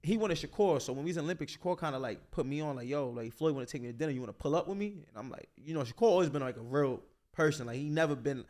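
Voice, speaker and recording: A young man, a boxer, telling stories in a casual interview, animated and slangy, full of "like" fillers. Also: fairly high pitch, racing, few pauses.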